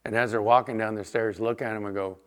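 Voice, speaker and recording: A middle-aged man preaching a sermon as pastor, telling stories with lively acted-out quotes. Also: on the low side, fast talker. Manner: animated storytelling with acted-out quotes.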